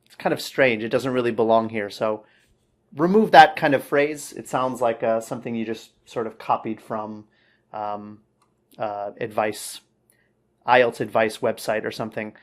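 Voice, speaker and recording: A man's voice: mid-range voice, normal speed. A man works through feedback on a student's speaking answer in an easy, explanatory way. He stops often to check in and sounds out tricky words with care. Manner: relaxed, explanatory, says okay often. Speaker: English teacher. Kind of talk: spoken feedback lesson.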